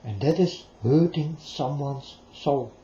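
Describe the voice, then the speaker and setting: A medium-pitched man with a warm tone speaks slowly, preaching straight at his listeners in a meandering monologue and saying the same things over again. A little hiss or hum runs through the roomy, dull, lo-fi recording.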